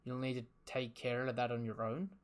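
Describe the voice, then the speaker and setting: A man reading aloud the lines of a dying male fox spirit, in a calm, matter-of-fact manner. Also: medium pitch, moderate pace, clean tone, natural voice. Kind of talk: reading manga dialogue aloud.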